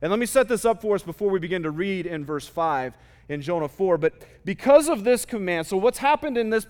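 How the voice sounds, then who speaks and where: A man's voice: sits high, animated, a little fast, a little mellow, smooth. A man preaching a sermon, explaining a scripture passage in plain terms and asking his listeners rhetorical questions. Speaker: pastor.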